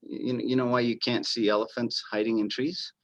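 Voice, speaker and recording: A man in a casual chat, slowly telling old jokes with halting fillers and restarts. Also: mid-range voice, little pitch movement, fairly bright tone. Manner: halting, with repeated words and fillers. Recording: dull lo-fi sound.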